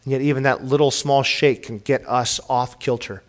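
In a steady, mid-range voice at a moderate pace, a pastor gives an earnest sermon. This young or middle-aged father repeats words as he restarts, and his reading of scripture climbs into pleading.

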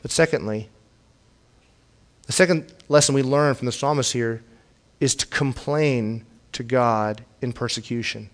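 A pastor, a young or middle-aged man with children, preaches earnestly in a mid-range voice at normal speed. He often repeats words as he restarts, and his tone turns pleading when he reads scripture aloud.

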